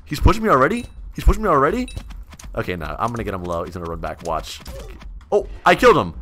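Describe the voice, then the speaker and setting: A young man giving excitable gameplay commentary as a gaming video host, swinging between mumbled asides and loud outbursts. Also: medium pitch, quick pace. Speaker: gaming YouTuber.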